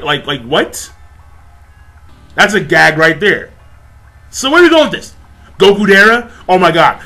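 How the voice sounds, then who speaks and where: A man ranting casually to camera in an animated, profane way, often repeating himself. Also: sits high, moderate pace. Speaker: vlogger.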